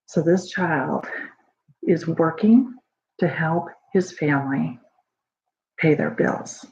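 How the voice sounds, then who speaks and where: A mother in casual home video talk, rambling warmly with many fillers and restarts, proud of her daughter. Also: deep voice, slow pace. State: emotional, near tears at times. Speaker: proud mother sharing a story. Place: home at night. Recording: dull lo-fi home recording.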